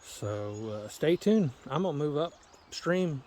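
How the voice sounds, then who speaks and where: A man's voice: a little high, animated, slow, darkish tone. A man chatting casually on a fishing vlog, folksy and jokey, walking by a river with a handheld camera. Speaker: fishing vlogger. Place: outdoors by a river.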